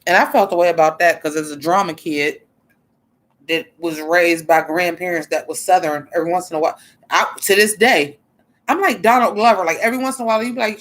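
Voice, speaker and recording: Woman, casual stream commentator: blunt, expressive, swears, talks back to chat. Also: lowish voice, quick pace. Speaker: drag show commentator.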